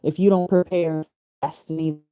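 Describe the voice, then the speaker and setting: A woman with a low, very mellow voice talks through scripture in a relaxed, chatty way. She reads a verse, then wanders into loose asides, restarting phrases and laughing easily. Her voice sits close and dry, with no room sound around it. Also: moderate pace, clear, resonant tone, no room sound. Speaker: spiritual reader. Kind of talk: casual scripture reading and commentary.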